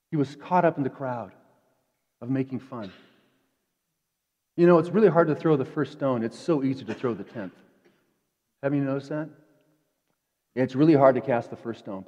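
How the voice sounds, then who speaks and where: A man preaching a sermon in a conversational way, dropping to quiet asides and rising to emphatic peaks. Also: medium pitch. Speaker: pastor. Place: church sanctuary. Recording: dull echoey church hall.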